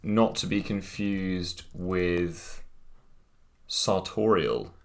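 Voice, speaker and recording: A man's voice: sits low, lively intonation, extremely slow, vocal fry. A man co-hosting a podcast, chatting casually with dry jokes and playful storytelling. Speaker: podcast co-host. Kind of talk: casual chat.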